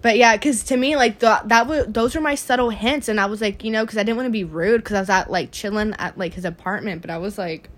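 A woman's voice: medium pitch, quick pace, few pauses. A young adult woman hosting a casual podcast chat, telling dating stories in a blunt, emphatic way and swearing freely. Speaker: podcast host.

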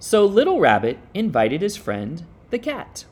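A man reading a children's story aloud with an expressive delivery. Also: sits high, slightly rough. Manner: expressive, unhurried. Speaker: reader.

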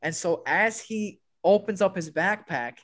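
A man's voice: sits high, a little slow. A young man on a podcast with old school friends, telling a story in casual chat, swearing freely and acting out what other people said. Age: young adult. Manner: animated, swearing, acts out other people's lines. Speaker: podcast co-host.

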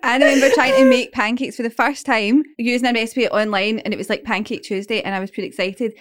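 A woman's voice: fairly high pitch, fairly even intonation, fast. Chatty, mock-indignant Scottish woman. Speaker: podcast co-host. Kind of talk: casual chat.

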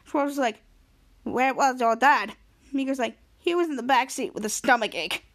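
High-voiced excited podcast host. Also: female voice, moderate pace. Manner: excited, acts out characters' lines while retelling. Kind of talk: casual episode recap.

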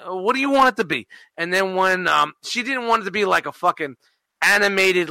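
Profane, rambling podcast host. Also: male voice, high voice, a little fast, vocal fry, sharp tone, dry recording. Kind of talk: casual podcast chat.

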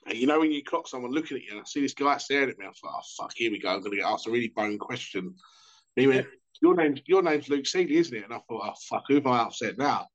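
A man telling sweary, jokey anecdotes in a casual chat. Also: medium pitch. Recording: dull lo-fi sound.

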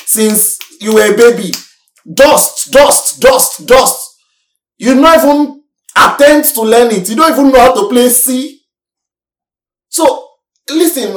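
A young man from Nigeria, preaching a sermon in an animated, exhorting way with sudden swings in pitch and loudness. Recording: roomy echo, mic from far off.

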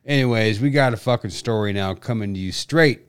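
A man's voice: on the low side, clear, resonant tone, no echo, clean studio sound. A man from North Dakota co-hosting a podcast, chatting bluntly and profanely and teasing his co-host. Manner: profane, blunt, quick to tease. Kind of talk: casual crude podcast banter.

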